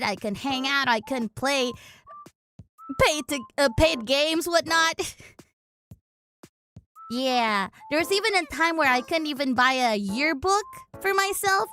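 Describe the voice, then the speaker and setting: A young woman chatting casually with her stream audience, rambling and breaking into sarcastic, excitable outbursts. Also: high-pitched, unhurried, a little hiss or hum. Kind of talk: casual chat.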